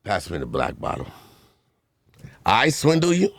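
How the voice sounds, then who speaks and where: A man's voice: fairly low pitch, wildly swooping pitch, unhurried, a little hiss or hum. A man, co-hosting a podcast and trading teasing banter while telling stories on a studio mic. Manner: teasing, boastful storyteller. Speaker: podcast co-host. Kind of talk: casual banter.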